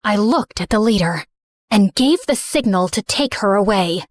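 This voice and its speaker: A young woman narrating an animated story in first person, earnest and emotional. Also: mid-range voice, normal speed, no echo.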